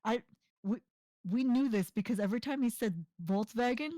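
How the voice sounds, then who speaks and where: A woman's voice: a little high, brisk, mellow, dry recording. Chatty laughing woman streamer. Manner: chatty storyteller, laughs often, lots of "like". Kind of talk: casual chat.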